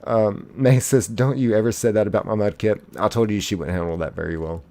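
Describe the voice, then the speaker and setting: A male streamer on a live gaming broadcast, rattling off chat messages one after another in a playful, excitable way. His voice sits a little low and sounds warm and dark. He talks loosely and casually, like he's hanging out with his viewers. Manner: reads chat messages aloud in quick succession, playful and excitable; casual, uses "y'all".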